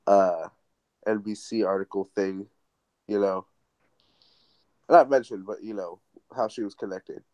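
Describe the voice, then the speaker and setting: A man's voice: medium pitch, darkish tone, rough recording. A man co-hosting a podcast, rambling in casual chat with lots of fillers and swearing. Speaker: podcast co-host.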